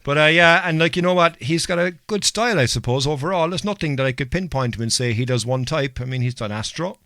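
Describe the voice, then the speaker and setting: A man's voice: fairly high pitch, expressive, quick pace, bright, forceful tone, no echo, clean studio sound. A man hosting a podcast in casual, rambling chat. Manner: rambling, filler-heavy, chatty. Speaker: podcast host.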